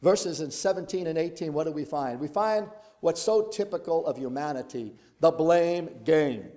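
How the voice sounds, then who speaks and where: A man's voice: fairly high pitch, normal speed, few pauses, warm tone. A man preaching a sermon, reading a long scripture passage with dramatic delivery, voicing the quoted speakers and adding his own asides.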